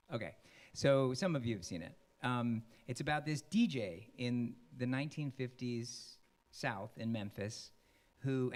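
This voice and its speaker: A man, a stage actor, giving an earnest, rambling personal talk to an audience, with many pauses and ums. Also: medium pitch, a little mellow.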